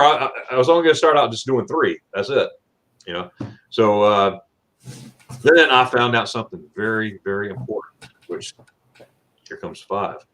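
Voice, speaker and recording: A middle-aged man hosting a casual livestream, telling a long story with many fillers and repeated words. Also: mid-range voice. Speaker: host.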